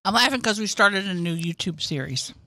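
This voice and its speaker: A woman's voice: mid-range voice, expressive, fairly quick, sharp tone, dry recording, clean studio sound. A woman co-hosting a podcast, chatting casually in short, laid-back replies. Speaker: podcast co-host. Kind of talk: casual chat.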